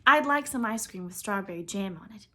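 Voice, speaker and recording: A woman's voice: on the high side, a little fast, close to an everyday voice. A woman voicing a dreamy, eager little girl who asks wondering questions in an audiobook reading.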